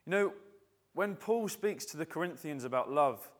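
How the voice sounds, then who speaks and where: A man's voice: on the high side, lively intonation, moderate pace. A male preacher giving a conversational, reflective sermon, often restarting his phrases.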